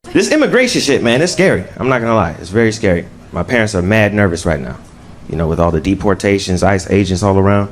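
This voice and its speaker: A man's voice: fairly low pitch, big pitch swings, fast, a little hiss or hum. A man doing stand-up in a laid-back, conversational way. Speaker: stand-up comic. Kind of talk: stand-up routine.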